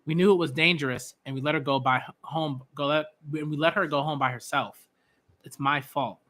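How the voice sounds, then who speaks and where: An earnest, calm young boy who leads his friends, as a man reads his lines from a manga. The reading is plain and steady in a fairly high, bright voice. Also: a little fast.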